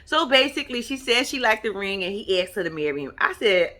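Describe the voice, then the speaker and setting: A woman vlogger talking through a reality TV episode in casual, profane, laugh-filled chat. Her pitch swings widely from line to line, and her voice is bright and sits a little high. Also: quick pace. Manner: animated, profane, laughing commentary.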